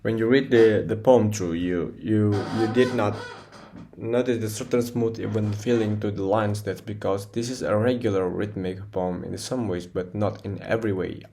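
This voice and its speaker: A man, a non-native English speaker, presenting a poem analysis for class, halting often with fillers and restarts. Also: on the low side, fairly even intonation, warm tone. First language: Indonesian. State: short of breath.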